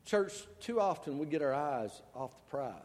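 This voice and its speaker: A male pastor preaching a storytelling sermon, swinging between loud and soft. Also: fairly high pitch, lively intonation, normal speed. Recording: long church reverb.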